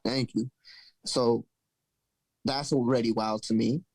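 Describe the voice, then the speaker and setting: A man hosting a podcast, telling a story in a loose, animated, profane way. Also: mid-range voice, takes it slowly, no echo, rough recording. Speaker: podcast host. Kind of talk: casual storytelling chat.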